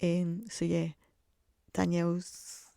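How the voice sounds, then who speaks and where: A woman's voice: lowish voice, monotone, slow, vocal fry, warm tone, dry recording, clean studio sound. A middle-aged woman chatting on her podcast, telling stories and laughing often. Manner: chatty storyteller, laughs often, acts out quoted voices. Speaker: podcast host. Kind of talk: casual solo podcast chat.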